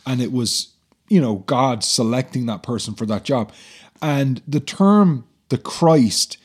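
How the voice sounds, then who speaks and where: A man in a conversational Bible discussion, explaining scripture step by step in an earnest, teacherly manner. His voice sits at a middling pitch, and he pauses often with fillers as he works through each point. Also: a little mellow, husky.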